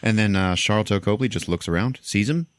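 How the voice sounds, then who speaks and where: A young man with a deep voice hosts a casual podcast and recaps a film scene by scene. He tells it loosely and animatedly, jumping into high voices for the characters. The sound is close and dry. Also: a little fast, clear, resonant tone, no echo. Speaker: podcast host.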